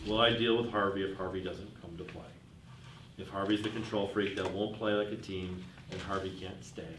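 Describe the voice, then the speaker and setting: A man with a low voice and fairly even intonation speaks at a moderate pace during a business workshop, recounting stories and asking the audience questions. He's recorded far from the mic in a roomy space, with slight noise.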